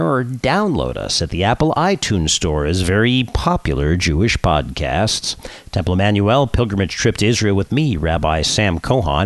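Lively-voiced rabbi hosting a radio show. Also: male voice, on the low side, dry recording. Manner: chatty, lively storyteller. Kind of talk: radio show hosting, joke telling and poetry reading.

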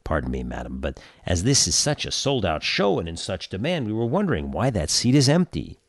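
A man's voice: deep voice, huge pitch swings, brisk, no room sound, studio quality, heavily acted. A man voicing a prim, pushy female theatergoer in a joke, overly polite in manner.

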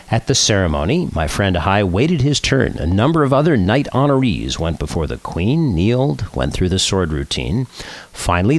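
A rabbi hosting a radio show, his pitch swinging freely as he chats, tells jokes and reads poems. His voice sits a little low and is recorded dry and close at a studio mic. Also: no echo. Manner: chatty, lively storyteller. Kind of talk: radio show hosting, joke telling and poetry reading.

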